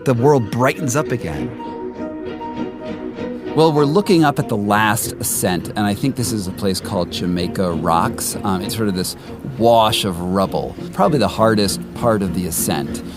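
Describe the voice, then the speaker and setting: A journalist telling his own story in the first person, halting and restarting as he animatedly recounts events. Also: fairly low pitch. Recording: music underneath.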